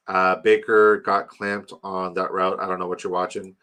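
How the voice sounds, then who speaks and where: A man's voice: low voice, little pitch movement, normal speed, sharp tone. A man live-streaming fantasy football, grading viewers' drafts in a loose, joking, sometimes profane way while rattling off lists of player names.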